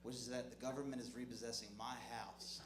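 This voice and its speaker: A man performing a stand-up comedy set on a club stage, with an awkward, self-deprecating delivery full of halting restarts. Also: mid-range voice, flat delivery. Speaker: stand-up comic. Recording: echoey club room with crowd noise.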